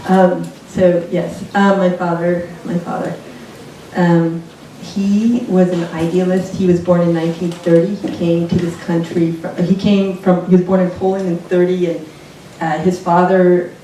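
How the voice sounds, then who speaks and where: Woman author, low and mellow, reflective storyteller; distant mic, very roomy. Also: little pitch movement, normal speed. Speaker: author at a book event. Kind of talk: live onstage conversation. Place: bookstore event space with audience. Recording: very echoey room, mic far off, faint noise.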